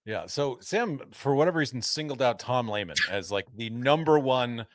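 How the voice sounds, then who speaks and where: A man co-hosting a casual golf podcast, animated and swearing freely. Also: mid-range voice, moderate pace, no room sound. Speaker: podcast co-host.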